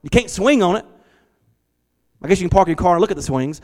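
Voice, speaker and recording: A middle-aged man, preaching a lively, conversational sermon from a church hall. He repeats his words and talks back to the congregation. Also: high voice, quick pace, pauses often. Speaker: pastor. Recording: long church hall reverb.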